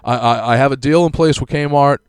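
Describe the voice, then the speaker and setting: A man's voice: mid-range voice, fairly quick, clean tone, no room sound. A man co-hosting a podcast in casual chat, crude and rambling, swearing freely. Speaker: podcast co-host.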